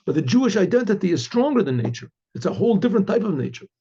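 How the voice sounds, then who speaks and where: A rabbi telling a story, animated and full of quoted voices, who often clears his throat and restarts his words. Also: high-pitched, rapid-fire. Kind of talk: storytelling talk. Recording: dull lo-fi recording.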